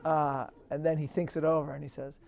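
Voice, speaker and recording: A man, a rabbi answering questions at a live interview, speaking in an earnest, measured lecture style with emphatic stresses and frequent restarts. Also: a little high, level tone, creaky, a little mellow.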